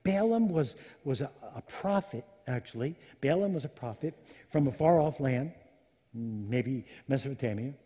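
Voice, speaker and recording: A middle-aged man preaching a sermon, telling Bible stories with animated voices for the characters. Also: mid-range voice, moderate pace, breathy edge. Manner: animated storytelling, acting out biblical characters. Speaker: pastor. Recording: long hall reverb.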